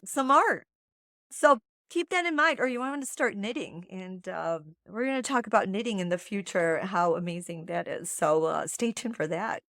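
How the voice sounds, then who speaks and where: A bubbly woman hosts a podcast in a slightly high voice, encouraging her listeners as she teaches them a few phrases. She speaks slowly and deliberately, leaning on each word. The sound is close and dry, with no room around it. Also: a bit bright, dry recording. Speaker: podcast host. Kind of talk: casual chat.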